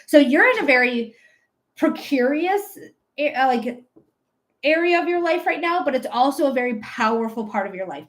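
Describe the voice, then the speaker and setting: Woman, high voice, casual livestream psychic host, affectionate, rambly. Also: lively intonation, normal speed. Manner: affectionate toward viewers, calls them my love; rambling, with many fillers and restarts.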